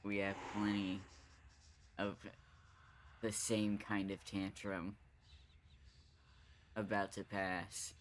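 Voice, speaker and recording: A man's voice: lowish voice, monotone, takes it slowly, pauses often, slight background noise. A man streaming a video game live, thinking aloud and swearing often as he works through the level. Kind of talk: live gameplay commentary.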